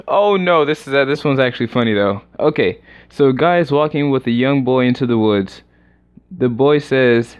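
A young man casually commenting on a game during a livestream, excitable and rambling as he reacts aloud. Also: mid-range voice, fairly quick, clean tone. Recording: slightly dull lo-fi recording.

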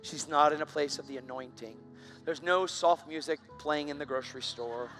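High, bright-voiced animated male preacher. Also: moderate pace, faint music behind. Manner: animated, voice rising to loud shouts when excited. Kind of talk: sermon storytelling.

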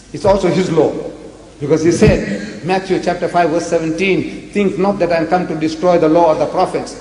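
Older man lecturing in an echoey hall. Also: on the high side. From South Africa. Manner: animated, quoting and acting out dialogue. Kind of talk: religious debate lecture. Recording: echoey hall with faint noise.

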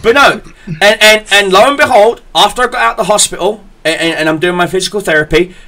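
A young man, a podcast host telling stories in casual chat, profane and animated, acting out the people he quotes. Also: high-pitched, quick pace.

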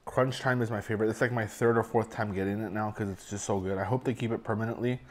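A man's voice: lowish voice, steady tone, fast talker. A man in his thirties talking casually to camera as a food vlogger, rambling with repeated words and fillers. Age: 30s. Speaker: mukbang vlogger.

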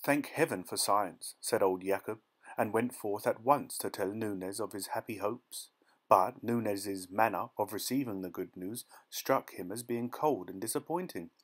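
A man narrating an audiobook short story in a soft, gentle dramatic reading style. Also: on the low side, moderate pace. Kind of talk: scripted narration.

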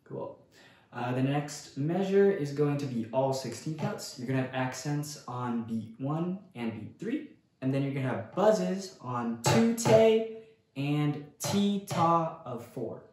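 A man giving a casual percussion lesson in a relaxed way, counting rhythms aloud and often saying "cool". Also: on the high side, slow. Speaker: percussion instructor. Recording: very echoey room, faint noise.

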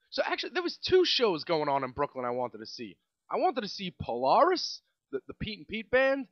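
A young man from Staten Island, New York, rants on his own casual solo podcast, rambling and exasperated, often restarting his sentences. His high voice swings widely in pitch, and the dry, slightly dull recording has no echo.

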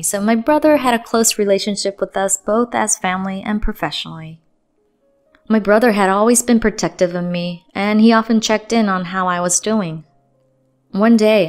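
A woman narrating a dramatic first-person story in a steady, earnest voice. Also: mid-range voice. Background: faint music.

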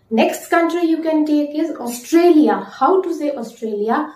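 A woman from India teaching French country names, saying each word slowly several times over. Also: high-pitched, expressive, a little mellow. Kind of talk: slow language lesson with repeated pronunciations. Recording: echoey room, voice a bit far from the mic.

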